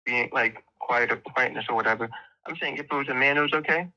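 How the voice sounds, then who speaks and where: Sarcastic guy in an online debate, keeps hammering his point, bright sharp voice, muffled lo-fi stream sound. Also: mid-range voice, quick pace. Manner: combative and sarcastic, repeats pointed questions.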